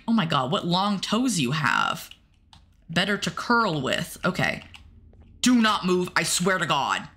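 Woman streamer talking to chat, bright voice, slow and bouncy, easily spooked. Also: lowish voice, sing-song. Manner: jumpy, talks to the chat and the game, yelps when startled. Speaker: streamer playing a horror game. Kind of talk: casual gameplay commentary to chat.

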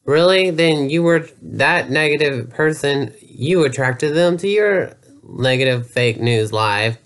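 A man's voice: a little high, expressive, slow, fairly bright tone. A man doing a sarcastic comedy rant as a YouTuber, mocking and profane in a jeering way.

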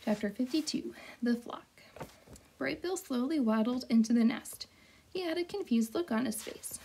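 A woman reading a children's novel aloud, with gentle, clear, measured narration. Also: high-pitched, expressive, slight background noise. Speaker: storyteller. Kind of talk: storybook read-aloud.

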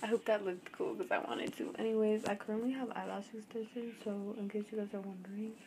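A woman's voice: mid-range voice, steady tone, quick pace, a little mellow, slight background noise, rough recording. A teenage girl from Arizona chatting casually to her phone camera in a vlog, giggly and full of "like". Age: teens. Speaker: vlogger.

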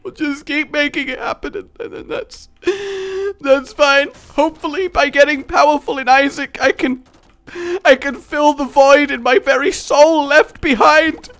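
Give me a man playing a self-pitying commentator, high and whiny, melodramatic. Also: flat delivery, measured pace, a bit bright, full character voice. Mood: mopey. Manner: whiny, melodramatic sighing delivery. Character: mopey, self-pitying male gaming commentator.

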